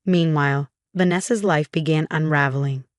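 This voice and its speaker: Low-voiced woman narrating drama stories. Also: moderate pace, dry recording, studio quality. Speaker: story narrator. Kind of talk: scripted narration.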